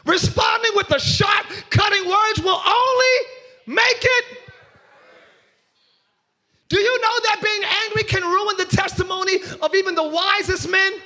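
Before a live congregation in church, a pastor with a very high, bright voice delivers a sermon, shouting and half-singing his points with sung rises. He acts out arguments in quick voices, his tone forceful and ringing.

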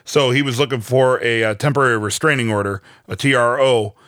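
A man's voice: medium pitch, fairly even intonation, brisk, fairly bright tone, no room sound, studio quality. A man co-hosting a podcast, recapping a TV episode in loose, profane casual chat full of fillers. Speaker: podcast co-host.

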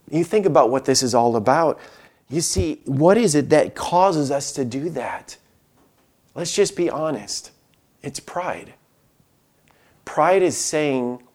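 A middle-aged man preaching a sermon at a medium pitch for a man. He swings from firm, raised declarations down to soft, near-whispered lines as he voices words of comfort and weariness. His delivery is earnest and pastoral, with plenty of repetition. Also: moderate pace.

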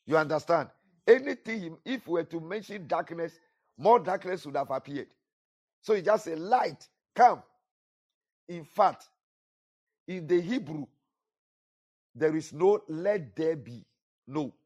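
A man's voice: on the high side, darkish tone. A man preaching a sermon with emphatic, repetitive delivery, rising and falling for effect. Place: church.

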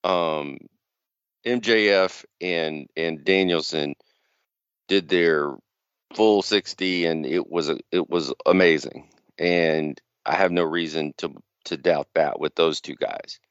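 A podcast co-host with a deep, clear, resonant voice speaks slowly, casually rambling through a story and acting out quotes. The recording is lo-fi with no echo.

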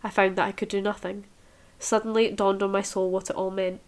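Woman reading a lovestruck young actress: dreamy, impassioned, mid-pitched. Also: little pitch movement, a little fast, close to an everyday voice. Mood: rapturous. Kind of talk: reading a novel aloud.

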